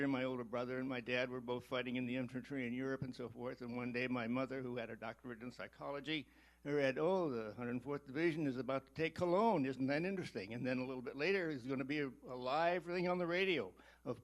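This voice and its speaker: An elderly man in his eighties asking a question from the audience, hesitant and clearing his throat as he works through a long setup. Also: medium pitch, rough recording. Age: 80s. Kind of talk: spoken question from the floor.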